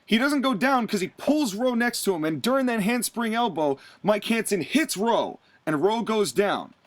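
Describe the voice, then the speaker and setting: A man's voice: high voice, moderate pace. A man hosting a podcast, telling a wrestling match in casual chat and acting out the wrestlers' lines. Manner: animated storytelling, acts out wrestlers' lines. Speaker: podcast host recapping a wrestling show.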